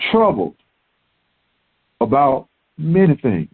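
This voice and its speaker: A man preaching a sermon in an animated way, repeating words for emphasis. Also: high voice, takes it slowly, pauses often, breathy edge. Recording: tinny phone-like sound.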